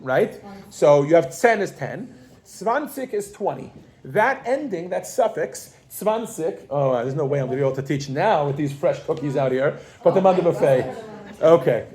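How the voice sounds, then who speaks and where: A man's voice: on the high side, darkish tone. A man teaching a beginners' Yiddish class to a group, playful and joking as he leads them through counting. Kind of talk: classroom lesson. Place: classroom with a group of adult learners.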